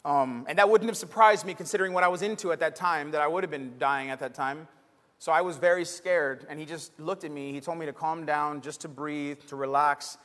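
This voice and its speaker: Young man from Texas, pastor; high voice, sermon with emphatic swells and quiet story passages, reverberant church hall. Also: moderate pace. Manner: swings between loud emphatic preaching and quiet conversational storytelling. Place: church sanctuary.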